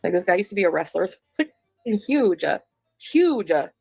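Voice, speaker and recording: A woman's voice: lowish voice, sing-song, moderate pace, vocal fry, warm tone, breathy edge, soft background music. A woman streamer in a played clip, talking crudely and defensively about herself.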